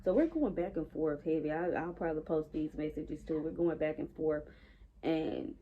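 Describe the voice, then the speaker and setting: Husky low-voiced woman vlogging. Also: normal speed, phone-quality sound. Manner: animated and exasperated, acting out her own side of conversations; talking while working out. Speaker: vlogger telling a story. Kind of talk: casual storytime chat.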